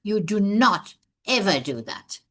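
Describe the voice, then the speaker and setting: A woman's voice: mid-range voice, sing-song, slow pace, fairly bright tone. A woman presenting a webinar lecture over a video call. She talks earnestly and with emphasis, and she tells her story with lots of animation. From from overseas, living in South Africa.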